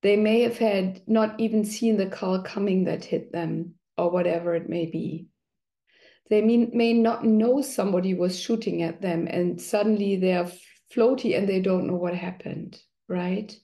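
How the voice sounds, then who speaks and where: A woman's voice: medium pitch, fairly even intonation, unhurried, dark tone. A middle-aged woman talking conversationally, now and then acting out quoted voices. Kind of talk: explanatory talk.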